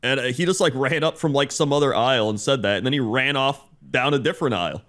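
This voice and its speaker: A man's voice: mid-range voice, fast talker, a bit bright. A man co-hosting a podcast in casual chat, telling a rambling story and chuckling often. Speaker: podcast co-host.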